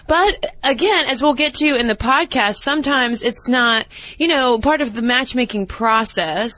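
A woman's voice: a little high, normal speed, sharp tone, dry recording. A woman co-hosting a podcast, chatting casually and telling stories with small hesitations. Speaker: podcast co-host. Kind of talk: casual chat.

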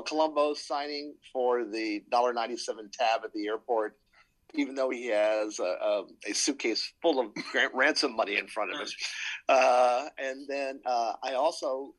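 A man's voice: medium pitch, rough recording. A man in casual panel chat, talking in a rambling way with many ums and restarts. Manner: rambling, hesitant with many fillers.

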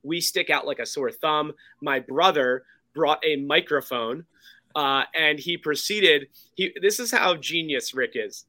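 A man telling a story in an excited, casual way, with many fillers. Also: a little high, measured pace, no echo. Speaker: podcast guest.

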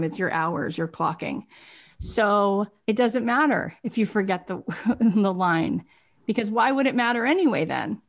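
A woman business coach on a group coaching call, talking emphatically and repeating rhetorical questions. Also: medium pitch.

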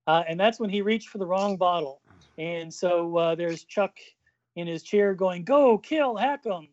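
High-voiced man recapping a comic. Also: fairly even intonation, a little slow, dull audio. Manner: narrates comic panels with acted voices and sound effects. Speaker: podcast co-host. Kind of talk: casual chat, reading comics aloud.

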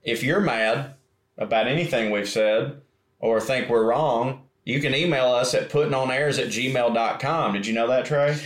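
A male podcast co-host who chats casually and throws in blunt, wry asides. His voice sits at an ordinary pitch. The room around him is echoey. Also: normal speed. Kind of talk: casual chat. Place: room on a trip abroad. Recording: roomy echo.

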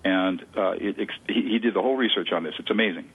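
Guy on a phone call, low husky voice, super emphatic, says stuff again and again to stress it. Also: fast talker. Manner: emphatic, repeats words for stress. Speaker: guest expert on conflict de-escalation. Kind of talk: enthusiastic explaining in an interview. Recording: tinny phone line.

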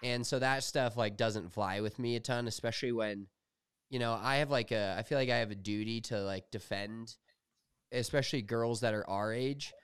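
A young man co-hosting a podcast, telling animated, profane stories in casual chat. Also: medium pitch, moderate pace, smooth, dry recording. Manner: animated storytelling, swears freely. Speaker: podcast co-host.

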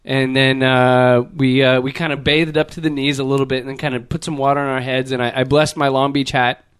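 A man's voice: a little fast, smooth. A man telling a travel story in casual podcast chat, acting out the quotes with big jumps in his voice. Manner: animated, plays out quotes with big pitch jumps. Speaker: podcast regular.

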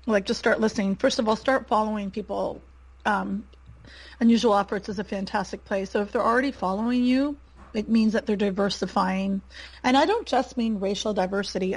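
A woman from Canada with a Canadian accent, talking as a podcast guest in animated casual chat, laughing often and saying "like" a lot. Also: mid-range voice, breathy edge, poor audio.

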